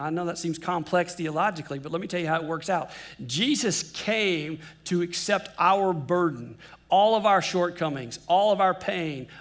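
A man with a notably high voice preaches a sermon. He swings between emphatic declarations and hushed, drawn-out words, stretching key phrases for dramatic weight. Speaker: pastor.

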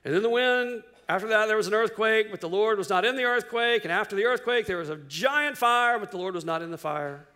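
Male pastor, sermon, high voice, forceful bright tone, rhetorical questions, loud-to-hushed swings. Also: a little fast, hardly any pauses.

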